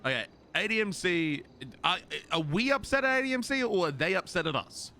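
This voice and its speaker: A man's voice: high-pitched, lively intonation, fairly quick, pushed and bright, a little hiss or hum. A man speaking in character in a gang roleplay, exasperated and defensive, swearing and stammering when worked up.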